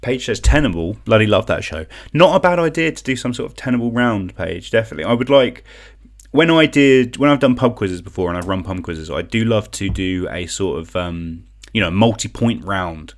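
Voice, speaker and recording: A man's voice: fairly low pitch, animated, moderate pace. A young man from England hosting an online quiz, chatting casually and rambling as he reads out comments. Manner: chatty, rambling, self-deprecating, sings song clues in gibberish syllables.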